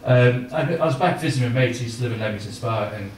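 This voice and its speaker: Middle aged comic rambling thru stories, lots of echo, mic kinda far off, faint hiss. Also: male voice, mid-range voice, quick pace. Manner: rambling, self-mocking, chuckles at own stories. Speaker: stand-up comedian. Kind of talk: stand-up storytelling. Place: live comedy gig venue. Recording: echoey room from far off.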